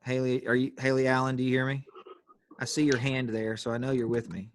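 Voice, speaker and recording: A man's voice: medium pitch, level tone, fairly quick, slight background noise. Patient man teaching grammar on a video call. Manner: patient, explaining step by step, calls on students. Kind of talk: online grammar lesson. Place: online class video call.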